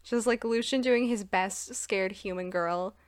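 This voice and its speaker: A woman's voice: medium pitch, unhurried, clear, resonant tone, dry recording, clean studio sound. A woman co-hosting a casual book-chat podcast, swearing freely, laughing and acting out characters' lines. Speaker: podcast co-host.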